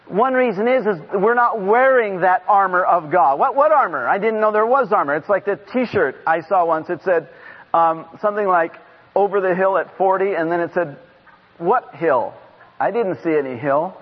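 A high-pitched, husky-voiced middle-aged man preaching with passion from a church pulpit, his words climbing into near-shouts. The recording is dull and lo-fi, with a long reverb tail trailing off the sanctuary walls. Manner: impassioned, rising to shouts. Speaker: guest preacher. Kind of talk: sermon. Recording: dull lo-fi sound in a reverberant hall.

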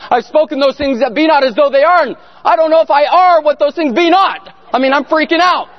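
A man giving an animated testimony sermon as a guest speaker, telling his story and sometimes shouting prayers. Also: very high-pitched, brisk. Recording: echoey hall, muffled sound.

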